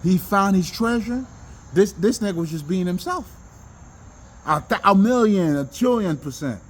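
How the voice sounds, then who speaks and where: A man talking in a casual, rambling monologue about self-improvement, animated and profane, with many restarts and bursts of laughter. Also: high voice, measured pace. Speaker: self-help talker.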